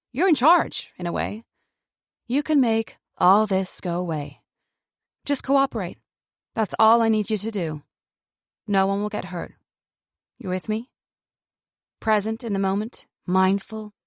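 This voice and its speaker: A woman's voice: mid-range voice, measured pace, long pauses, no room sound, clean studio sound, close to an everyday voice. A woman reading an audiobook, voicing a chatty, patronising woman captor who holds a gun and talks falsely soothing. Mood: coolly menacing.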